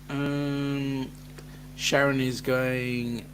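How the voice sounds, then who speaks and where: A man's voice: on the high side, a little slow, fairly bright tone, slight background noise. A man with an Australian accent co-hosting a casual livestream chat, reading out viewer comments with a joking, teasing manner.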